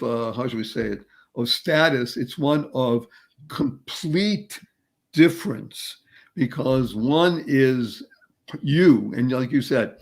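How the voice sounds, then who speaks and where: A man hosting a live panel webinar, talking in a halting, thoughtful way with gentle jokes over a video call. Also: medium pitch. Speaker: webinar host and panel moderator.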